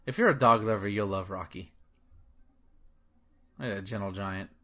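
Bright-voiced man riffing jokes. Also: fairly low pitch, measured pace. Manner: riffing on jokes, stumbles over words. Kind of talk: casual chat.

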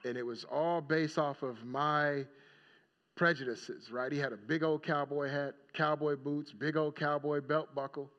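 A man's voice: fairly high pitch, steady tone, a little slow, fairly bright tone. Conversational male pastor preaching, muffled sound. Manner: conversational storytelling, checking in with "right?". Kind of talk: sermon. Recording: dull lo-fi recording.

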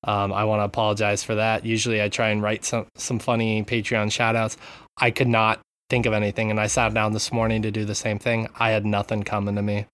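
A man's voice: fairly low pitch, completely flat delivery, fairly quick, fairly bright tone. Man hosting a casual gaming podcast. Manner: joking, reads sponsor thanks with mock sincerity. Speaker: podcast host.

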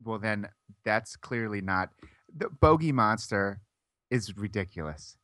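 A man's voice: on the low side, lively intonation, unhurried, fairly bright tone, dry recording. A man co-hosting a podcast in casual banter, stubborn and teasing, laughing often. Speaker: podcast co-host.

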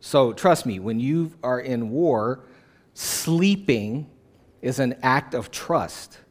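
A man's voice: mid-range voice, expressive, slow. A man preaching a sermon as pastor, conversational and plain-spoken, who hammers home key phrases by repeating them.

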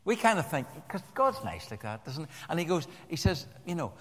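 A man's voice: fairly high pitch, quick pace, few pauses. Older male preacher in a reverberant hall. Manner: animated, repeats words, jokes with the congregation. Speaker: pastor. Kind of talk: sermon. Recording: long church-hall reverb.

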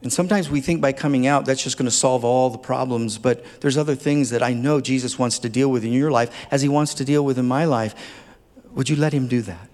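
A man's voice: medium pitch, brisk, a little mellow. A man preaching a sermon as a pastor, speaking earnestly and tenderly, building at times to fervent emphasis. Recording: long hall reverb.

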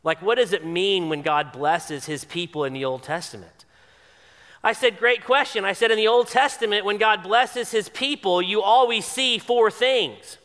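A man's voice: high voice, expressive, moderate pace, fairly bright tone, big-room sound. A man preaching a sermon, emphatic, repeating phrases for weight. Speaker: pastor.

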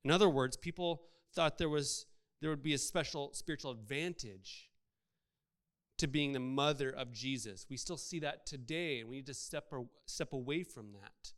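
A man's voice: medium pitch, moderate pace, a bit bright, smooth. A man preaching a sermon, conversational, asking his congregation rhetorical questions. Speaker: pastor.

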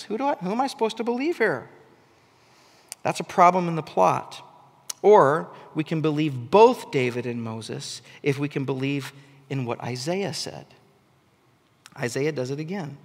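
A man preaching with a fairly high voice that climbs into emphatic, animated bursts. His sermon rings out with a long reverb trailing behind every phrase, as in a large hall. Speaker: pastor.

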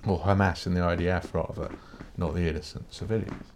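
British bloke, fairly low voice, solo podcast host who rants bluntly and swears freely. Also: male voice, fairly even intonation, a little fast, a little mellow, a little hiss or hum. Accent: British English. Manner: blunt, sweary, rambling, with many restarts. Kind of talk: casual solo podcast rant.

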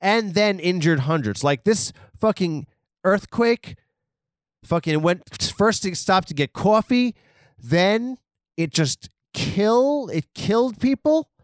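A man's voice: high-pitched, no room sound, studio quality. A man hosting a comedy podcast, riffing crudely and rambling on news headlines. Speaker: podcast host.

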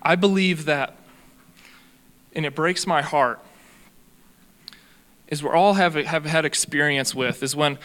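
An earnest young man preaching a sermon, his voice sitting a little high for a man. He teaches in a steady, heartfelt way and stops now and then to read aloud from a book. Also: slow, long pauses. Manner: earnest, reads a long testimony aloud.

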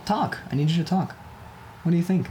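A man's voice: a little high, fairly quick, mellow, slight background noise. A man chatting casually about his indie film, joking around, rambling and laughing often. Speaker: indie filmmaker. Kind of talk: casual chat.

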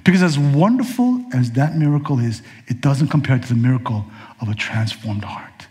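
A man's voice: mid-range voice, expressive, normal speed, darkish tone. A male pastor delivering a sermon in a conversational way, with casual asides.

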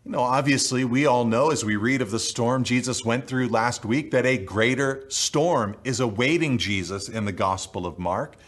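A man's voice: medium pitch, a bit bright. A man preaching a sermon, earnest and emphatic, repeating key phrases for weight. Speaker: pastor.

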